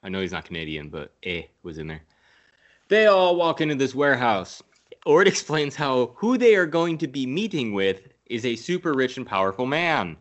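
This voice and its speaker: A man's voice: medium pitch, very animated, moderate pace. A man casually recapping a movie scene by scene, swearing freely and laughing at his own jokes. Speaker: podcast host recapping a film.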